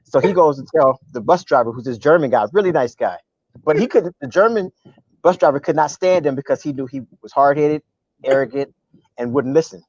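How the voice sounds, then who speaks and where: A man's voice: on the high side, a little fast, no echo, muffled recording. A man, a comedian guest, telling a funny road story in casual chat and acting out the people in it. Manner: animated, mimics voices and groans.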